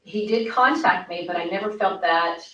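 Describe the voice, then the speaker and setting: A woman's voice: on the low side, normal speed, fairly bright tone, dull audio. A woman speaking in a recorded interview, rambling and acting out quoted conversations with many restarts. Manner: rambling, acts out quoted dialogue. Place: interview room. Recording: echoey room from far off, faint noise.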